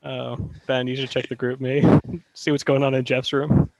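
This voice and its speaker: A man's voice: medium pitch, flat delivery, normal speed, creaky, no room sound, muffled recording. Teasing young man hosting a video call. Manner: teasing, playfully bossy. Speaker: host. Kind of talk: casual joking chat on a video call.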